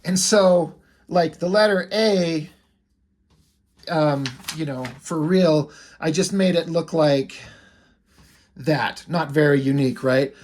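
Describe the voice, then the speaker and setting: Male vlogger, loose and rambling, quick to laugh and curse, casual show-and-tell delivery. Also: fairly high pitch, darkish tone. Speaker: video creator.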